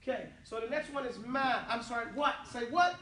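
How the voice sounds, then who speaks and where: A man's voice: very high-pitched, brisk, a loud crowd. A man teaching an Arabic class, drilling the students in call and response with a casual, joking manner. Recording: echoey room, distant mic, class audible.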